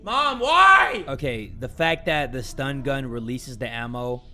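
A young man with a sore throat giving jumpy, joking commentary on a horror game, breaking into sudden shouts. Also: medium pitch, big pitch swings, a little slow. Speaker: gaming channel host.

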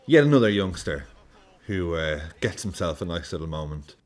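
A man chatting through a match in his vlog. His low voice swings a lot in pitch as he swears freely and acts out his reactions. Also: lively intonation, moderate pace, darkish tone. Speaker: football vlogger. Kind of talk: casual match commentary.

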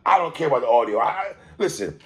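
A man hosting a casual hip-hop commentary monologue, animated and quick to laugh and exclaim. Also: medium pitch.

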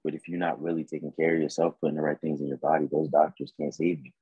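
A man talking as a guest in a casual chat, relaxed and reflective, with plenty of ums. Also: extremely low pitch, quick pace, husky, dry recording. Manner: relaxed, reflective, with many fillers. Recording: dull, dry close recording.

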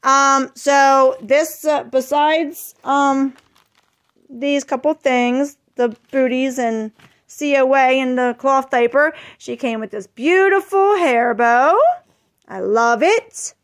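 A woman with a high, bright voice talks casually into her phone at home, gushing and filling her talk with ums and apologies. She chats in an easygoing, unpolished vlog manner. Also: slow pace. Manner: chatty and gushing, frequent fillers and apologies. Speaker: vlogger.

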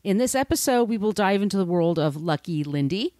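A woman's voice: medium pitch, animated, brisk, darkish tone, dry recording, clean studio sound. A woman hosting a podcast in a casual, irreverent way, swearing freely. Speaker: podcast host.

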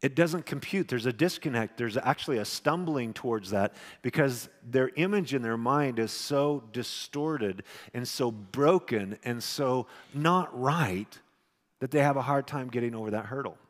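A middle-aged male pastor giving a sermon with a personal story, animated and loud at times, then hushed and tender. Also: mid-range voice, unhurried. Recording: long hall reverb.

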